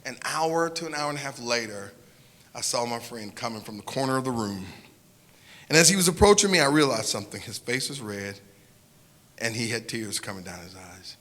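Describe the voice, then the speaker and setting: A man with a Southern US accent telling a personal story to an audience in an earnest way, often repeating and restarting phrases, moving between hushed and loud. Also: mid-range voice, expressive, brisk, in a large hall. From Southern United States.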